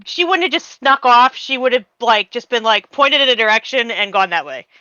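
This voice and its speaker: A woman's voice: on the high side, expressive, a little fast, bright, forceful tone, no room sound, dull audio. A woman playing a tabletop game, talking bluntly and impatiently. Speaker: player.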